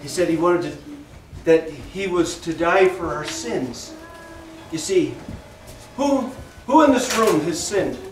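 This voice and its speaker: A man teaching a children's Sunday school class, telling a Bible story slowly and with animation and asking the children questions. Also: fairly high pitch, lively intonation, soft background music. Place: church classroom. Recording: echoey room, distant mic, faint noise.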